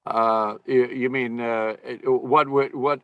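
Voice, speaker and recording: A man who works as an audiobook narrator, talking as a guest in a podcast interview in a halting way, with many restarts and fillers. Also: mid-range voice, steady tone, clean tone, no room sound, phone-quality sound.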